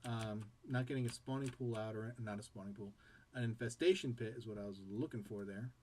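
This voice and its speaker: A man hosting a casual game commentary show, chatting in a rambling way and jumping between tangents and play-by-play. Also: mid-range voice. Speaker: game caster and show host.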